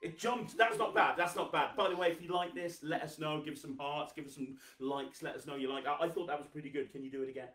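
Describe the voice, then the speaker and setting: A man hosting a live children's magic show, energetic, coaxing and teasing as he gets the viewers to clap and cheer. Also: fairly high pitch, fast, hardly any pauses, roomy sound, distant mic. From England. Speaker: host, magician.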